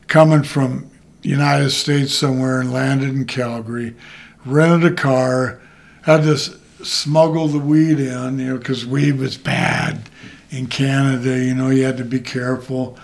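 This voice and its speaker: Gravelly older man telling stories. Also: mid-range voice. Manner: profane, rambling anecdotes. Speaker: guest, retired wrestler. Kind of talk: shoot interview storytelling.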